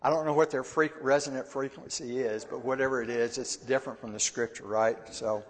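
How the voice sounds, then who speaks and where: A man's voice: mid-range voice, steady tone, brisk. A man giving a conversational Bible teaching. He often repeats words and asks his listeners questions. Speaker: church teacher. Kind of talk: sermon-style Bible teaching. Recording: long hall reverb.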